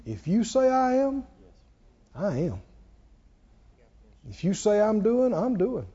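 A man's voice: high voice, sing-song, takes it slowly, dark tone, breathy edge, dull audio. A male pastor preaching a sermon, telling his story with animation and leading the congregation in call-and-response prayer.

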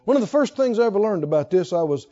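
A man preaching a sermon, telling a personal story that swings between hushed asides and emphatic points. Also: high-pitched, expressive, fast. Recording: dull lo-fi sound.

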